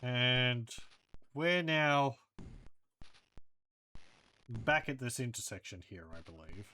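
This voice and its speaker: A man talks slowly through a retro game session, musing aloud as he explores and reads combat results off the screen. His voice is bright and forward, with unhurried pacing. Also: mid-range voice, very animated, a little hiss or hum. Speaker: let's play host. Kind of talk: casual gameplay commentary.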